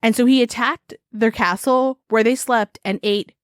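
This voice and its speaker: A woman's voice: on the high side, steady tone, moderate pace, dry recording, studio quality. A woman co-hosting a podcast, retelling a folktale in a casual, profane, giggly way. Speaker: podcast co-host. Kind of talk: casual storytelling chat.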